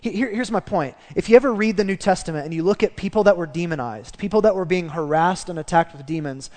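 A man preaching a sermon as pastor, animated, acting out the voices of the people in his story. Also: sits high, in a large hall.

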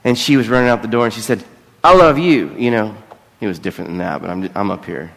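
A man's voice: fairly low pitch, quick pace, gravelly. A middle-aged man preaching a conversational sermon, earnest and often breaking into self-deprecating asides. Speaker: pastor. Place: church sanctuary. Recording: long reverb of a large hall.

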